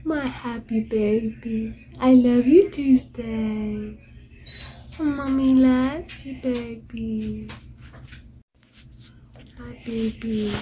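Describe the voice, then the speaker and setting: A woman vlogging about her pets, talking to them in soft, cooing baby talk between casual explanations. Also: on the high side, a little hiss or hum. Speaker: pet-keeping vlogger. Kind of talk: casual vlog chat.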